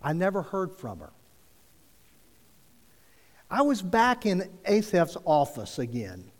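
A man tells a personal story from the pulpit, casual and conversational, with frequent restarts as he acts out each exchange. His voice sits a little high for a man. It rings out with a long hall reverb. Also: wildly swooping pitch, slow pace. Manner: conversational, quotes dialogue with restarts. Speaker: preacher telling a story. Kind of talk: sermon storytelling.

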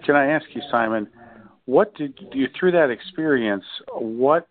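A man's voice: medium pitch, a little slow. A man hosting an interview, asking questions and encouraging briefly. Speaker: podcast host. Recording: tinny phone-like line.

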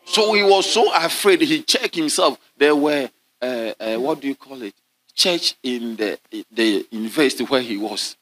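A man's voice: unhurried, a bit bright, slight background noise. A male bishop preaches a sermon to his congregation in a large church hall. His voice sits a touch above the usual male range, and he calls out and waits for the crowd to answer. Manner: call-and-response preaching, drops to low murmurs at times.

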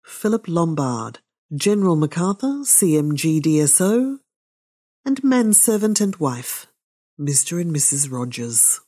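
A woman reads a novel aloud for her podcast, then adds her own remarks. Her voice is low and mellow with a dark warmth. She takes her time, every line measured and unhurried. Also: big pitch swings. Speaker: podcast host and reader. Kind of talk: reading a novel aloud with commentary.

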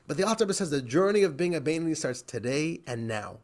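Lively rabbi teaching, animated man. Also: on the high side, fast talker. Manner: animated, laughs often, repeats for emphasis. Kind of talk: lively recorded class.

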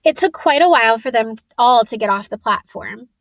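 A woman reading a novel aloud in a steady, clear storytelling voice. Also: a little high, a little fast, a little hiss or hum. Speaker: reader.

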